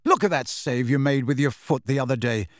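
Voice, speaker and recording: A man's voice: mid-range voice, fairly quick, fairly bright tone, no room sound, studio quality, close to an everyday voice. Harry, a man doing a firm bracing teenage boy.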